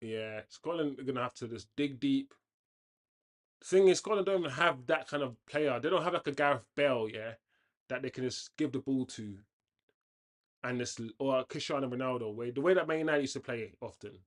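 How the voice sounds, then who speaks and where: A man hosting a casual football watchalong, chatting on tangents and reacting loudly to the play. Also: mid-range voice, moderate pace. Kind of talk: casual live match commentary.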